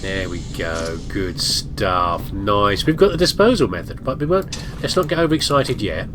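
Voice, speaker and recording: A man talks through a video game in a loose, joking way, teasing himself and scolding things on screen. His voice rises and falls a great deal. A clear hiss of background noise sits under the recording. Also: lowish voice, expressive, moderate pace. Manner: chatty, self-mocking, talks to viewers and objects. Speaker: let's play gamer. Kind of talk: casual gameplay commentary.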